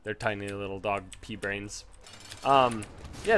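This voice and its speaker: A man rambling through casual gameplay commentary, telling a story with lots of swearing and sudden excited jumps in pitch. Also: a little slow, a little hiss or hum.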